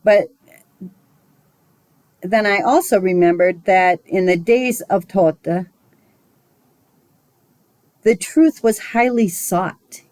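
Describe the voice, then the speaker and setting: A woman giving a recorded spiritual lesson as its teacher, talking in a measured, musing way with small digressions. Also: mid-range voice, mellow, no echo, low-quality recording.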